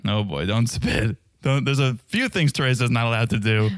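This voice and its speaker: A man's voice: medium pitch, lively intonation, moderate pace, clear, resonant tone, no echo. A man co-hosting a casual podcast, joking and teasing with lots of laughter. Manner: jokey, teasing, laughs often. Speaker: podcast co-host.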